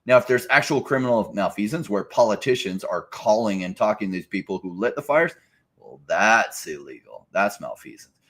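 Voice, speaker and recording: A man's voice: fairly low pitch, big pitch swings, normal speed, fairly bright tone. A man co-hosting a casual podcast, sarcastic, often mocking others in put-on voices. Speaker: podcast co-host.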